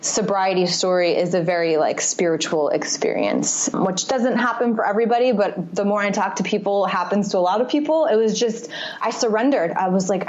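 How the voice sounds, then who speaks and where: A woman's voice: mid-range voice, lively intonation, moderate pace, darkish tone. A woman speaking as a podcast guest, telling a personal story in a candid, confessional, rambling way with many fillers. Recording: slightly muffled podcast audio.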